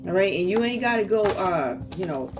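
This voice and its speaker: A woman's voice: mid-range voice, animated, moderate pace. A woman doing a tarot reading for viewers, talking in a sassy, outspoken way and asking the cards to speak. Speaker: tarot reader. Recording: distant mic with loud music behind.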